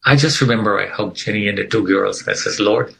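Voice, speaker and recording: In a poor-quality recording, a middle-aged man tells his life story in conversation as personal testimony. He speaks quickly in a lowish, pushed, bright voice with vocal fry, earnest and emphatic, repeating phrases for weight.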